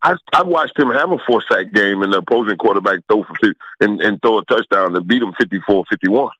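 A middle-aged man, a former football player, telling stories as a guest, lively and laughing with stammered restarts. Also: lowish voice, fairly quick, dry recording, muffled recording. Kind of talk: animated storytelling.

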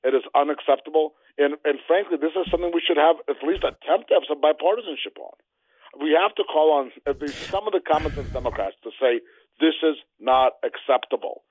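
A man's voice: on the high side, fast talker, breathy edge, dry recording. A man from New Jersey giving heated, emphatic political commentary as a guest. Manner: emphatic, declamatory. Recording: tinny phone line.

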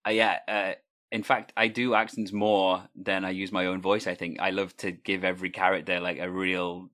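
A man's voice: sits low, level tone, normal speed, a bit bright. A man from Wales with a neutral British accent, hosting a casual chat and telling stories with laughs mid-sentence. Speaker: podcast host.

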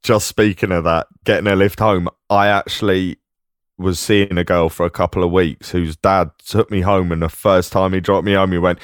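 A man's voice: low-pitched, steady tone, normal speed, clean tone, no room sound, studio quality. A middle-aged man with a Cockney accent, co-hosting a podcast and telling stories with laughs. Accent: London Cockney. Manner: laughing anecdotal storyteller. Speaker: podcast co-host. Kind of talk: casual chat, storytelling.

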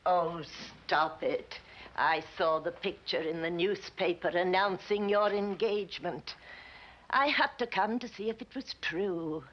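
A desperate, possessive old wife who was abandoned long ago. She speaks slowly and deliberately, in a vintage TV drama. The sound is dull and lo-fi, like an old television soundtrack. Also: on the low side. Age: older. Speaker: actress in a 1960 TV drama clip.

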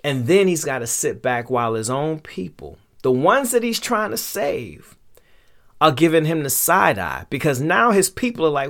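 A man's voice: fairly high pitch, sing-song, moderate pace, fairly bright tone. A man hosting a show, giving a casual, conversational Bible lesson in colloquial slang and acting out quotes. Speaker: podcast host and Bible teacher.

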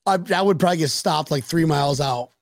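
A man's voice: fairly high pitch, no echo, clean studio sound. A man co-hosting a casual sports chat, rowdy and joking, swearing and slipping into silly voices. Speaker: podcast co-host.

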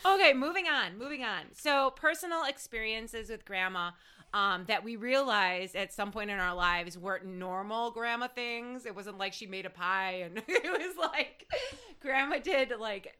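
A woman co-hosting a podcast, talking in quick, expressive casual chat and laughing often. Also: a little high, clean tone. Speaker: podcast co-host.

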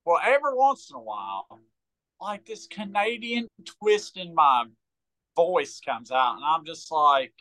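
A man's voice: fairly high pitch, lively intonation, a little slow, sharp tone, no room sound, poor audio. A man who is a guest on a podcast, talking casually in easygoing down-home slang. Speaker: professional angler, guest. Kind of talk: casual interview chat.

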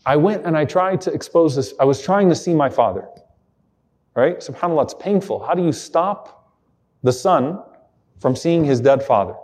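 A man's voice: a little high, lively intonation, moderate pace, a little mellow. A man giving an Islamic lecture, retelling an emotional story earnestly and quoting Arabic passages. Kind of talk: sermon-style storytelling lecture.

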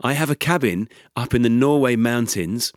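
A man's voice: mid-range voice, moderate pace, dry recording, clean studio sound. A man hosting a podcast in casual chat, bantering with his co-host and reading out listener messages.

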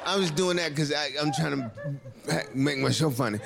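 A man doing a stand-up comedy set, telling a loose, animated story full of profanity and acted-out quotes. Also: a little high, brisk, gravelly. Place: stage before a live audience. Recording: live club recording with loud crowd noise.

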